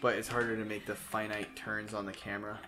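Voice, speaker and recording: A man's voice: lowish voice, little pitch movement, fast talker, music in the background. A man hosting a video game playthrough, talking casually, with frustrated outbursts, swearing and mumbled asides. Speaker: let's play host. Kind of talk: casual gameplay chat.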